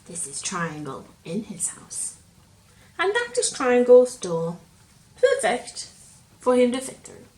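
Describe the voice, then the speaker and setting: A woman reading a picture book aloud to a child, slowly and gently, stopping to ask him questions. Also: a little high, wildly swooping pitch. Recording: roomy echo, faint hum.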